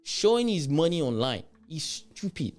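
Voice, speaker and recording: A man's voice: a little high, very animated, moderate pace, faint music behind. A Nigerian man hosting a livestream, blunt and mocking, who slips into Yoruba as he comments. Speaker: livestream host.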